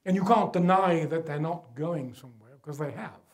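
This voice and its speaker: At a gala event, an older man with a voice pitched a bit high for a man presents a public lecture using slides. Measured and earnest, he emphasizes key words, then goes quiet to give the heavier moments weight.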